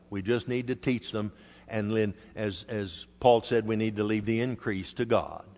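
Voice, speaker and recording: An older man preaching a sermon, measured and emphatic, sometimes dropping soft. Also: fairly low pitch. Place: church hall. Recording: reverberant hall.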